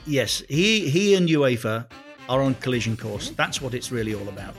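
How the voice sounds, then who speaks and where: A man's voice: mid-range voice, expressive, moderate pace, fairly bright tone, faint music behind. A man hosting a football podcast in casual chat, with frequent stammering restarts. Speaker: podcast host.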